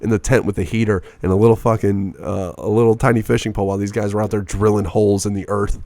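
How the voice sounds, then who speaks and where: A man in his early twenties, a stand-up comedian from the Midwest, telling profane, animated stories in a casual podcast chat. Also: on the low side, fast talker, dry recording. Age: early 20s. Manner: profane, animated storyteller who acts out what others said.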